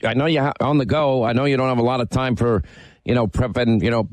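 A man's voice: mid-range voice, darkish tone, dry recording. A man hosting a radio talk show, chatting casually through a live ad read with frequent fillers.

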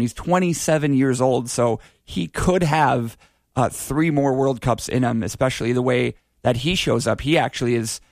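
Measured, enthusiastic male panelist. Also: medium pitch, vocal fry, no room sound, clean studio sound. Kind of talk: casual sports chat.

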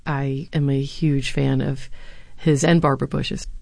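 Woman w a low voice, former speechwriter, tells stories earnestly, dry close sound. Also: flat delivery, unhurried, gravelly, a little mellow, no room sound. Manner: earnest, anecdotal, with some fillers. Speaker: former presidential speechwriter and university lecturer. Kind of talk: interview answers, storytelling.

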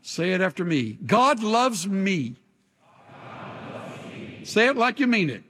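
A man preaching a sermon as pastor and leading an altar call, impassioned and rhythmic with long pauses, in a large church sanctuary. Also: high voice, big pitch swings, fairly bright tone, big-room sound.

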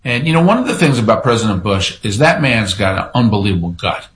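Low-voiced man telling a story. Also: quick pace, poor audio. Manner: animated storyteller who acts out quotes. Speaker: radio show guest, former press secretary. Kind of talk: conversational interview storytelling.

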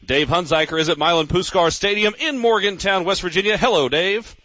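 A man hosting a radio football pregame show from a sports grill, with a brisk, upbeat announcer delivery. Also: high voice, sharp tone, dry recording. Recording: dull radio broadcast with faint noise.

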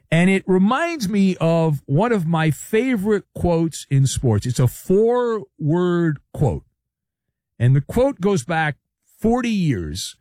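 Animated, jokey male sports commentator. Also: fairly high pitch, no room sound, clean studio sound. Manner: theatrical, jokey, full of wordplay and sound effects.

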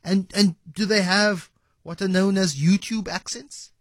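A man's voice: high-pitched, fairly even intonation, measured pace, no echo. A man hosting a radio talk show, musing in a conversational, playful way. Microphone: studio microphone.

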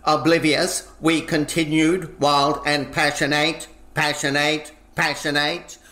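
A man performs comic spoken-word poetry in a slow, rhythmic, deadpan voice that sits a little high. He leans on chanted repetitions. The room gives his voice a roomy echo. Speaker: performance poet.

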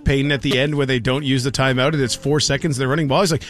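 A man co-hosting sports talk radio, ranting in an animated, emphatic way. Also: mid-range voice, fast talker.

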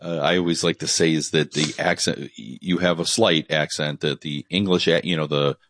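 A man with a Midwestern American accent who hosts the interview, asking his questions haltingly with many restarts. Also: extremely low pitch, steady tone, a bit bright, no echo, studio quality. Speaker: host. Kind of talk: interview conversation.

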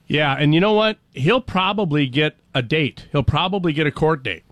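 A man's voice: fairly high pitch, expressive, normal speed, a bit bright, no echo. A man hosting a talk radio show, rambling sarcastically with many fillers. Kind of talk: casual talk radio banter.

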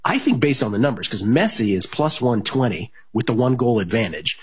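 A man's voice: medium pitch, big pitch swings, fairly quick, breathy edge. A man hosting a sports betting radio show, talking casually with plenty of fillers and restarts. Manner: rambling, many fillers and restarts.

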